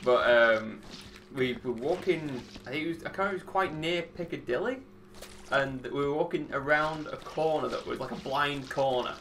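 A man's voice: a little high, normal speed, fairly bright tone, slight background noise. A young Englishman, telling a story over gameplay, laughing often. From England. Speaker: gaming podcast co-host. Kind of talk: casual banter over gameplay.

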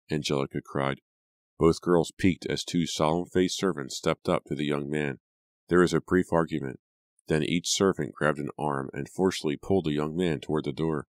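A man reading a novel aloud as audiobook narrator, measured and deliberate. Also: extremely low pitch, fairly even intonation, dry recording. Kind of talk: scripted narration.

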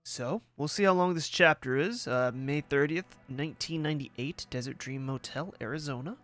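A man's voice: a little high, moderate pace, fairly bright tone, faint music behind. A young man hosting a let's-play video, talking in a casual, rambling way and swearing often, sleepy as he plays. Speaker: gaming video host.

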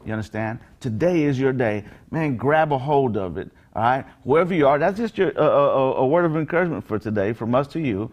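A man's voice: medium pitch, expressive, brisk, few pauses, highs cut off. A male pastor giving a short daily devotional message, talking in an earnest, conversational way, full of fillers and restarts, with rhythmic emphatic phrasing.

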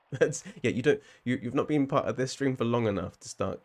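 A man with a southern English accent and a mid-range, slightly mellow voice chats casually with viewers while playing a game on a live stream. He rambles and laughs often.

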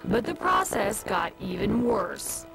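A woman reads scripted television narration with a dramatic, teasing lilt. Her pitch swoops widely and her voice has some fry, and loud music plays under her. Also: big pitch swings, slow, poor audio. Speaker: show narrator. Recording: broadcast voice-over over loud music.

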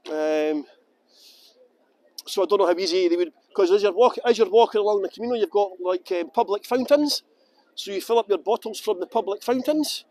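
A man's voice: high voice, a little fast, darkish tone. A Scottish man working as a tour guide, chatting casually and rambling on a phone livestream outdoors in the sun. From Scotland. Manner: rambling, chatty, answers viewer questions with fillers. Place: outdoors in sunny town streets. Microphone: phone held by hand.

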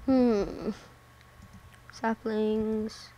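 A woman's voice: medium pitch, slow pace, long pauses. A woman giving casual let's-play commentary, muttering to herself and swearing often as she plays. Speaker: gameplay commentator.

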